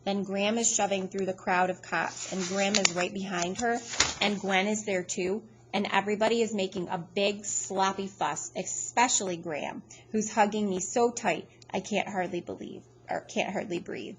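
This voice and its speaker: A woman reading a first-person novel aloud in a steady, measured storytelling voice. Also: mid-range voice, a little hiss or hum, poor audio. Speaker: audiobook reader.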